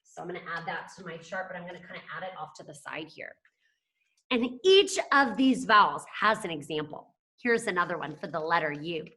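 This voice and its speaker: A woman teacher with a lowish, animated, sharp-toned voice leads a phonics lesson for young children. She speaks slowly, stretching words out and stressing them so the little learners can follow along.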